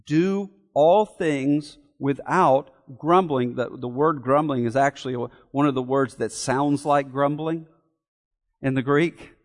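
A man's voice: mid-range voice, measured pace, few pauses, long reverb tail. A man preaching an expository sermon in an earnest way, repeating key phrases and asking rhetorical questions. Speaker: pastor.

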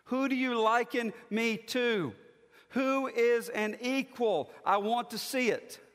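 A male pastor preaching with a fairly high voice, taking his time over each phrase. He stresses key words emphatically, and his voice rings with the long reverb of a large church hall. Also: slow pace, fairly bright tone. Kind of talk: sermon.

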